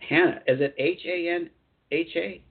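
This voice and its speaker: A man's voice: a little high, fairly even intonation, normal speed, gravelly, breathy edge. A man hosting a call-in radio show, talking in a rambling, chatty way and laughing easily. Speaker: radio show host and channeler. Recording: tinny phone-line sound.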